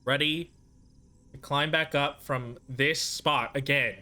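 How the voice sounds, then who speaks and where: Fairly high and steady in tone, his pushed, bright voice takes things slowly. He's a man casually talking through a game stream, muttering to himself to ease his frustration between bursts.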